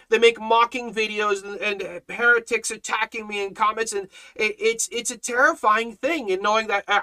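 An earnest man leading a Bible study, mixing scripture with personal testimony. His voice sits a little high and sounds bright and forceful, and he stammers into repeated words when emotion rises. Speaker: Bible teacher and street evangelist.

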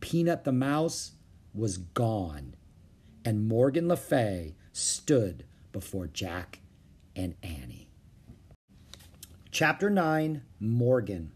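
A man reading a children's chapter book aloud, with expressive narration. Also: lowish voice, extremely slow, long pauses, husky. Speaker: storyteller.

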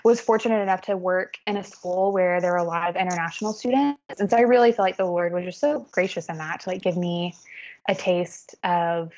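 A woman's voice: lowish voice, fairly even intonation, a little fast, darkish tone, muffled recording. A young woman from Texas, a teacher, chatting as a podcast guest with lots of fillers and laughter. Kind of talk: casual conversation.

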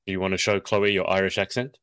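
A man hosting a casual podcast chat, teasing his guests and quick to laugh, a little short on sleep. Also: low voice, fairly even intonation, fairly bright tone, clear, resonant tone, dry recording. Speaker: podcast host.

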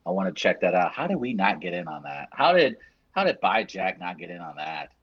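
Teasing low-voiced remote co-host. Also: male voice, sing-song, a little fast, breathy edge, lo-fi sound. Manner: teasing, laughs easily. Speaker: radio co-host calling in remotely. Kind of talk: casual radio banter.

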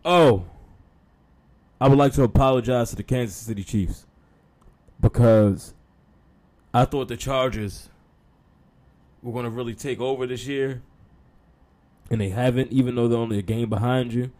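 A man's voice: mid-range voice, fairly even intonation, moderate pace, pauses often, a little mellow. A man hosting a sports talk show, speaking casually with sarcastic, mock-apologetic humor and frequent y'all.

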